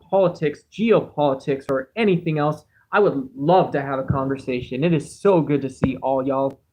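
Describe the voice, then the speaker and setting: A man with a somewhat high voice hosts a relaxed livestream. He reads chat messages aloud and wanders from thought to thought, often putting himself down. He talks into a cheap home microphone. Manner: rambling, musing, self-deprecating. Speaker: livestream host.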